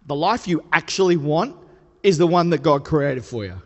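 A man delivering a sermon with a fairly high voice that carries a long reverb tail through the hall. He keeps it conversational and playful, then pushes up into emphatic peaks. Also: expressive, moderate pace, highs cut off. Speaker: preacher.

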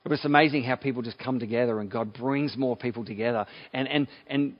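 A man's voice: medium pitch, fairly quick, highs cut off. A man, a pastor, giving a conversational sermon and often restarting his phrases. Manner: conversational preaching with repeated restarts.

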